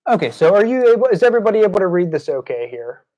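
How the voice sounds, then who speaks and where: A man's voice: high-pitched, sing-song, racing, mellow. A young man tutoring live on stream, talking casually with lots of fillers and restarts, and stopping to scold troublemakers in the chat. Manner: chatty, many fillers and restarts; scolding, exasperated at trolls in chat. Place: indoors at his desk by a screen.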